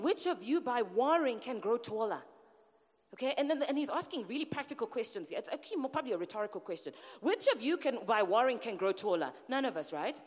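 Lively woman preaching in a hall. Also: a little high. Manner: lively, animated preaching with calls to the congregation. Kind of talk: sermon. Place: church. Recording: reverberant church hall.

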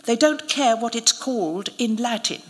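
A woman's voice: on the high side, expressive, normal speed, a bit bright. A woman reading a dry, scornful young woman. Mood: dry, guarded. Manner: cutting, dry, demanding. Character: scornful young woman hitchhiker, cold and merciless. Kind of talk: literary reading. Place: live event venue. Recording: long reverb of a live event hall.

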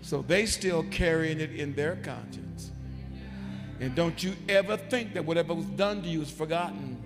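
Gravelly high-voiced preacher in an echoing church. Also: male voice, moderate pace, music in the background. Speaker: bishop preaching. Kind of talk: sermon. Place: church sanctuary.

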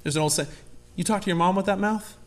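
A man preaching a sermon in an animated, conversational way, often acting out quotes. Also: fast. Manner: animated, conversational, acts out quotes with sudden loud high voices. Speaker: pastor.

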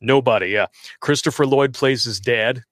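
A man on a podcast telling movie anecdotes in a relaxed, easygoing way, laughing between lines. His voice sounds close and dry, with no room echo. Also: mid-range voice, normal speed. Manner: laughs often, relaxed storytelling. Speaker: podcast guest. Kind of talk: casual chat.

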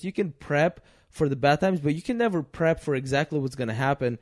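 A man's voice: on the high side, brisk, few pauses, dry recording, clean studio sound. A man telling a story on a casual podcast chat in an earnest, hesitant way.

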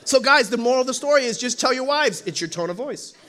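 A male pastor preaching a humorous sermon in church, telling animated stories and acting out voices with frequent laughter. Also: extremely high pitch, quick pace. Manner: animated storytelling, acts out voices, laughs often.

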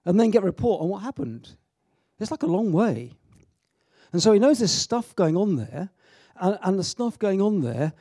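Male preacher, informal sermon to young people, slightly raised pitch, husky tone. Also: dark tone, no room sound, clean studio sound. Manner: chatty, joking asides, many restarts. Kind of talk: informal sermon to a youth audience.

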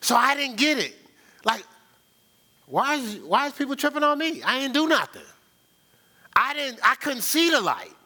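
Lively, bright-voiced older male pastor. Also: extremely high pitch, normal speed, pauses often. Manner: animated storytelling, sound effects and laughter; conversational, addresses the congregation directly. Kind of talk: sermon.

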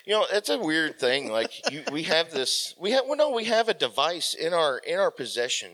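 A man in his forties, a military veteran guest, telling a casual rambling story full of fillers that often trails off softly. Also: a little high, very animated, normal speed.

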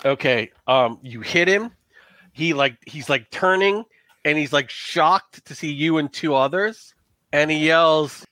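A man's voice: a little high, unhurried, bright, forceful tone, no echo. A man narrating as game master of a tabletop game in a loose, casual way with many fillers.

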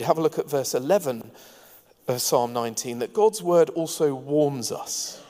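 Man preaching in a reverberant hall. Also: mid-range voice. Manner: earnest, warm preaching with asides to the congregation. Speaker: pastor. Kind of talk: sermon. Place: church hall.

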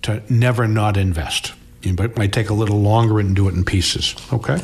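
A man's voice: on the low side, steady tone, a little fast, a little mellow, husky. A middle-aged man who works as a financial advisor, answering interview questions in a conversational way, restarting words and often ending his points with "okay?".

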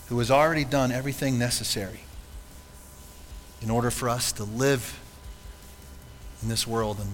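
A male pastor delivers an earnest, conversational sermon, asking his congregation rhetorical questions as he goes. His voice is bright and carries a long reverb from the church hall. A faint ambient hum sits underneath. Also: medium pitch. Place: church sanctuary.

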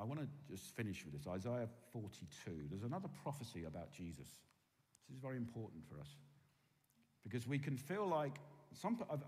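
A man preaching a sermon, swinging from loud emphasis to hushed, quiet tones. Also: fairly low pitch. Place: church hall with long reverb. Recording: reverberant hall.

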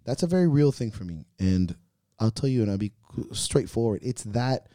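This podcast guest is a man who talks frankly and earnestly about his anxieties as a coach, peppering his speech with profanity and openly second-guessing himself. Though animated, he sighs and trails off into pauses. His low, very dark voice is recorded close and dry, with no echo or room sound.

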